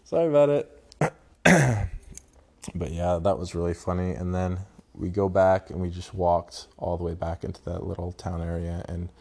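Young man, very deep gravelly voice, loose rambling vlog storyteller with casual swearing. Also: moderate pace, darkish tone. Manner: rambling, profane, laughs often. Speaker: vlogger.

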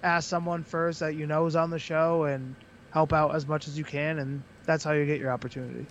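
A young man from Western Massachusetts, a wrestler chatting as a podcast guest in a joking, animated way. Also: a little high, fairly quick, lo-fi sound, slight background noise. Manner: joking, animated, mocking impressions. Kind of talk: casual chat.

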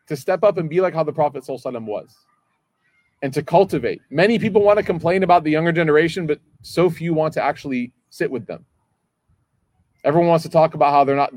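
Man, religious lecturer, conversational storyteller, higher voice, dry close sound. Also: a little mellow, no room sound. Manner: conversational storytelling, acts out dialogue.

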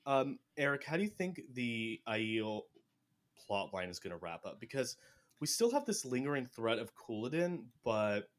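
Male podcast host, casual and animated, recaps the plot with quick character voices. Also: medium pitch. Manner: animated, acts out characters' lines. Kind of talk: casual chat.

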